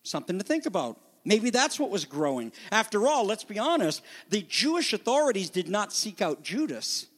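A man preaching a sermon with a high voice and lively, animated delivery, now and then taking on the voices of people in the story. His words ring out with a long reverb, as if he is in a large hall. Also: normal speed, hardly any pauses. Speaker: pastor.

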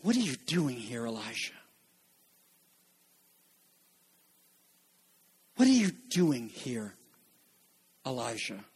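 A preacher doing a divine voice that barely rises above a breath, low and hushed, asking its question in a slow, searching whisper. It has the soft stillness of a sermon's scripture reading. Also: male voice, sing-song, husky, full character voice. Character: the Lord speaking in a low quiet whisper.

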